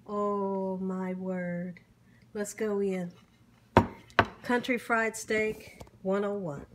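Speaking slowly in a medium-pitched voice and pausing often, a middle-aged cooking vlogger tastes food on camera over background noise. Each bite draws hums, whoops and thankful, churchy exclamations and blessings.

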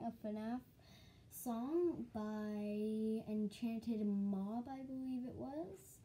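A woman talks casually to her viewers in a chatty vlog. Her voice sits high, with a very soft, dark and mellow tone. She speaks slowly and without hurry. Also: slight background noise. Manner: chatty, addresses viewers directly. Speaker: channel host.

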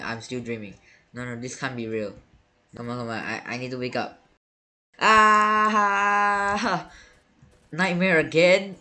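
A man's voice: medium pitch, a bit bright. A man giving gameplay commentary as a YouTuber, panicky and stammering, repeating words over and over. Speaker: gaming YouTuber.

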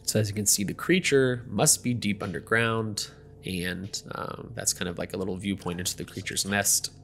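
A man's voice: lowish voice, steady tone, moderate pace, vocal fry, fairly bright tone, slight background noise. A young man hosting a gameplay video, chatting casually with many ums and you-knows.

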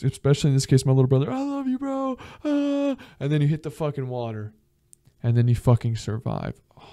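A man's voice: mid-range voice, dark tone, dry recording, studio quality. A man as a podcast guest, telling rambling, profane stories in casual chat. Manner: profane, rambling, acts out voices in his stories. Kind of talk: casual storytelling.

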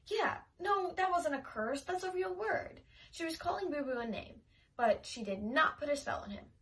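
A woman's voice: high voice, animated, normal speed, a bit bright, pitched above the performer's own voice. A woman doing an earnest teenage girl babysitter. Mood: reassuring. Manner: reassuring, earnest.

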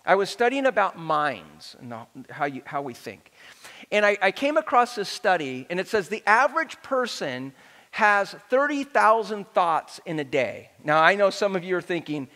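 A middle-aged male pastor preaching a sermon to his congregation, animated and joking, getting the crowd to respond. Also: sits high, moderate pace. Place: large church hall. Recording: reverberant church hall.

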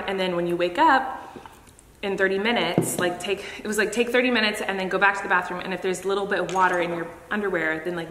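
A young woman hosting a casual eating chat, telling a long story in an animated way with many fillers. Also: mid-range voice, slight background noise. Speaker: host. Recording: echoey room with long reverb.

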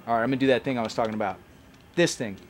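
A man's voice: mid-range voice, very fast, slight background noise. A man giving casual, rambling commentary as he plays a game, chatting like a longtime fan. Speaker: let's play host.

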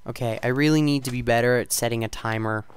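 A teenage boy casually commentating his own gameplay, rambling and self-deprecating, with sudden loud outbursts. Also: mid-range voice, steady tone, fast talker, clear, resonant tone. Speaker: gaming channel host.

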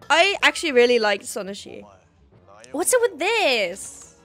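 A woman's voice: sits high, sing-song, takes it slowly, a bit bright, faint music behind. A woman giving an emotional, gushing reaction commentary while she watches a show. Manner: emotional, gushing, exclaims and laughs often. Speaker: reaction video host.

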